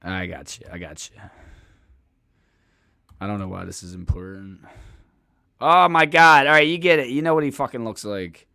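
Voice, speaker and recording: A man's voice: medium pitch, expressive, normal speed, creaky, long pauses, sharp tone, clean tone. A man hosting a podcast, telling stories in a rambling, profane, casual way and laughing often. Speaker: podcast host.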